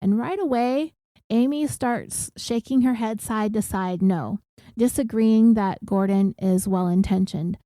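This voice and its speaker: A woman with a slightly high, mellow voice retells a TV episode on her podcast. She talks casually and bluntly, and she swears freely in her commentary. The sound is dry and close to the mic. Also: a little slow, no room sound. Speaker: podcast host.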